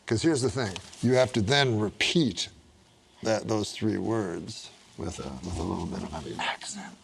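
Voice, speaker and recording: A man hosting a talk show, chatting casually, reading jokes off cards, halting and laughing a lot. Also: fairly low pitch, creaky, a little hiss or hum.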